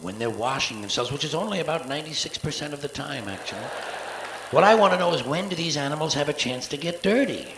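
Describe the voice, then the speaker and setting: A man's voice: a little high, lively intonation, fast talker, roomy sound, noisy background. A man in his forties doing a profane, sarcastic stand-up routine on a live theater stage, recorded from the soundboard. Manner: profane, sarcastic, acts out cat voices. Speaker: stand-up comedian.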